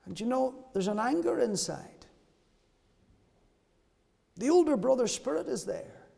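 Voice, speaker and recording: A man preaching to a church service, his voice sitting high and full of feeling. He slips into the voices of the people in his story as he goes. The sound hangs in a long hall reverb. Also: big pitch swings, a little slow, creaky, dark tone, husky. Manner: impassioned, acts out voices of the brother and father. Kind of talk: sermon.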